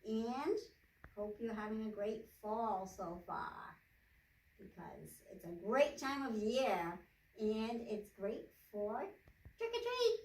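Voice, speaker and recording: Slow, playful woman librarian, echoey room. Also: medium pitch, darkish tone, distant mic. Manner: playful, chanting rhymes. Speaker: children's librarian. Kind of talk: children's storytime reading.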